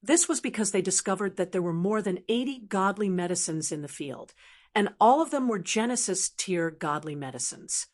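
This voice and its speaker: A woman narrating a fantasy novel audiobook in an even, steady reading. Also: medium pitch, moderate pace.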